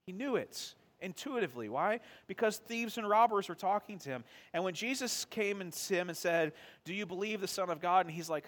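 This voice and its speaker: A man's voice: high-pitched, quick pace, few pauses, a bit bright. A man pastor preaching a sermon in a conversational way, asking the congregation questions and answering them himself.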